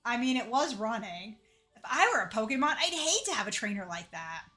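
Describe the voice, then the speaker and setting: A woman giving casual commentary as she plays a game, jokey and self-mocking and quick to laugh. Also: on the high side, sing-song, bright, forceful tone, soft background music. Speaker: let's play streamer.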